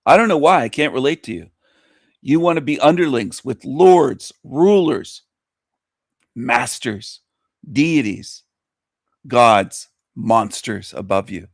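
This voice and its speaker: A man's voice: medium pitch, lively intonation, slow, pauses often, no echo. Scornful man ranting on a dry mic. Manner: scornful, mocking, preachy. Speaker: radio show host. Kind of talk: ranting monologue commentary.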